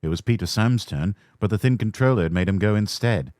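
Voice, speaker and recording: A man with an English accent giving a calm, soothing ASMR storybook reading. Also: fairly low pitch, brisk, hardly any pauses, no room sound, clean studio sound.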